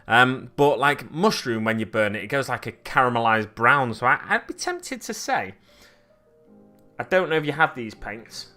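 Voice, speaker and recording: Chatty bright-voiced streamer. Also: male voice, mid-range voice, lively intonation, moderate pace, soft background music. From Oxfordshire, England. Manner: chatty and rambling, laughs often, answers viewer chat. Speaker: hobby streamer. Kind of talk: casual live-stream chat while painting miniatures.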